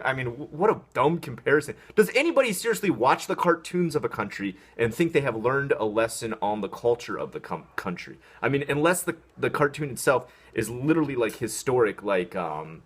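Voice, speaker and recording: An American video host reacts to an article in a casual vlog, mocking it sarcastically. His voice is lowish, brisk and lively in intonation, and he talks in spurts full of ums, fillers and restarts.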